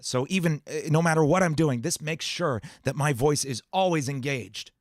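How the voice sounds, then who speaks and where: A man hosting a livestream Q&A about singing and voice, explaining in a relaxed way with many fillers. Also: on the high side, moderate pace, dry recording, studio quality. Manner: relaxed explaining, many fillers, breaks into sung and put-on voice demos. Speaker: music producer and livestream host.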